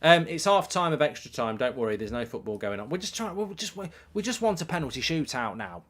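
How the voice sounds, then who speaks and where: Man, watchalong host, casual livestream chat, swings his pitch a lot, jokey. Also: big pitch swings, brisk, fairly bright tone. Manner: joking, rambling, swearing.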